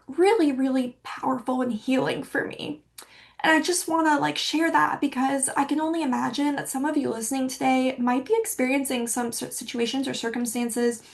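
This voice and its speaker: A woman in her early thirties talks openly and casually, full of little fillers as she hosts her own podcast. Her voice sits a bit high, with a gravelly fry at the ends of phrases. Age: 30s. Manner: candid and chatty, many likes and you-knows. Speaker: podcast host. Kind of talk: personal reflective monologue.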